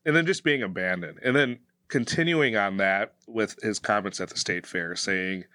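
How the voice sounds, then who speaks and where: A man's voice: fairly low pitch, moderate pace, sharp tone, no room sound. A man co-hosting a podcast, speaking hesitantly with many fillers. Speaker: podcast co-host, police officer. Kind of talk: casual podcast conversation.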